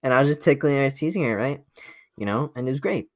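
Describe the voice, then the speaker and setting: Fast and expressive, his medium-pitched voice carries a cocky, laugh-filled, profane account of one of his dating exploits. He's a young man hosting a podcast in a casual storytelling monologue, captured in clean, dry studio sound.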